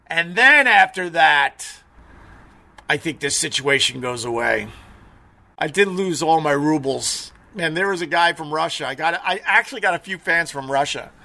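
Brief: middle-aged male streamer, allergy-stuffy, blunt rambling rant, slightly high, bright tone. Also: animated, moderate pace, creaky. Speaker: live stream host. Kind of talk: casual live stream rant.

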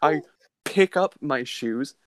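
A man's voice: mid-range voice, lively intonation, takes it slowly, fairly bright tone, dry recording. Laid-back man telling a rambling story. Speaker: podcast co-host. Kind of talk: casual storytelling.

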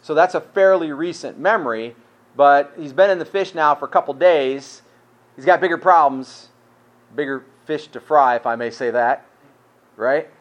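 A male pastor giving a conversational sermon, often repeating words and asking rhetorical questions, his volume dropping from full to quiet. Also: a little high, moderate pace, lo-fi sound.

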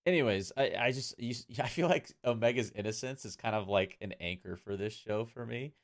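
A man co-hosting a casual fan podcast, talking in a rambling, animated way and laughing often. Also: mid-range voice, brisk. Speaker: podcast co-host.

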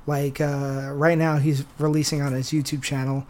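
Rambling, filler-heavy comedian, slightly high voice. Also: male voice, flat delivery, moderate pace, a little mellow. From San Diego, USA. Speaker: stand-up comedian, guest. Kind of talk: casual podcast chat.

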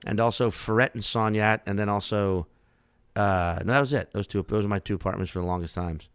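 A man's voice: on the low side, steady tone, brisk, clear, resonant tone, dry recording, studio quality. A man from the New Orleans area in his thirties, a comedian rambling and swearing in casual podcast chat. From New Orleans area, Louisiana. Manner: rambling, profane, laid-back.

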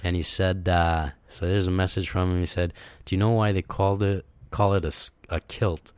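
A man with a very low voice chats casually as a podcast co-host. He rambles, leans on fillers, and laughs often. The recording is dry and close, with no room sound. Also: level tone, moderate pace, darkish tone, smooth, dry recording.

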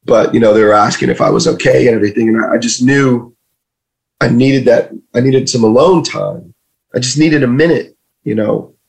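A man's voice: medium pitch, moderate pace, creaky, a little mellow, low-quality recording. A man, his voice worn from a recent illness, telling a personal faith story as an interview guest in an earnest, emotional way full of restarts. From North Carolina, USA. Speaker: guest sharing a testimony. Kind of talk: casual spoken storytelling.

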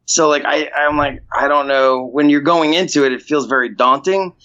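A man with a fairly high voice talks through his answers, circling back and restarting his sentences. His delivery is loose and conversational. The recording sounds dull and lo-fi. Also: steady tone, moderate pace, bright, forceful tone, clean tone. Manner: rambling, restarts, frequent "you know". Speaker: actor, interview guest. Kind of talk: casual interview talk.

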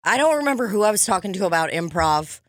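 A woman's voice: medium pitch, big pitch swings, quick pace, no echo, studio quality. A woman co-hosting a casual comedy podcast, laughing often, swearing and acting out quotes. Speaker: podcast co-host.

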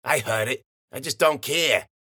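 A man's voice: mid-range voice, unhurried, breathy edge, heavily acted. A man doing a bored, indifferent receptionist woman. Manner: flat, uninterested.

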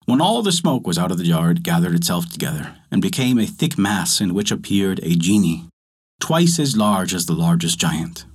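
A man narrating a folk tale with an expressive storytelling cadence. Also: low-pitched, normal speed, husky.

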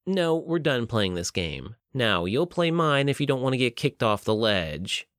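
A man voicing a growling, sharp-tongued young woman. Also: medium pitch, very animated, measured pace, no echo, clean studio sound. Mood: angry. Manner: growling, curt.

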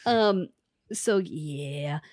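A woman in her thirties co-hosting a podcast, telling a lively story in casual chat and acting out what people said. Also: low voice, very slow, dry recording, studio quality. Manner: animated storyteller, acts out quotes. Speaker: podcast co-host.

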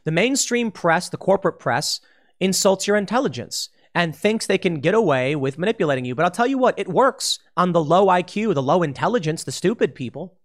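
A man's voice: high-pitched, lively intonation, a little fast. A man delivering an unscripted political monologue to camera, restless, often repeating and restarting his phrases. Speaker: political commentator.

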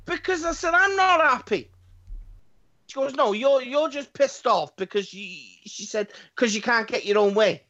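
A middle-aged man, telling animated stories on a podcast and swearing constantly. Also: very high-pitched, moderate pace, hardly any pauses. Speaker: podcast co-host. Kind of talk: casual storytelling chat. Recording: slightly dull lo-fi sound.

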